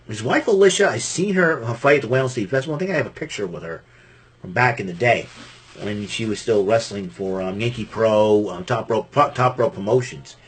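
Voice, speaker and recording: The host's medium-pitched voice has a breathy edge. A Massachusetts man, he rambles through a casual wrestling-event recap, animated and often laughing, with plenty of restarts.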